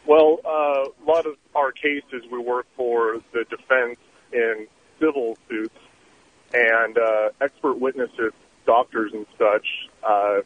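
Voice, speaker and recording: A man calling in to a radio show, a private investigator telling a story in a halting way with many fillers. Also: on the low side. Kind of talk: phone-in storytelling. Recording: tinny phone line with faint noise.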